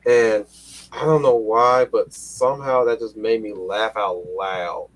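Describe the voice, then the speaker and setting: A man's voice: fairly low pitch, steady tone, a little slow, dry recording, low-quality recording. A man hosting a casual panel chat, rambling with many restarts and casual swearing. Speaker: podcast host.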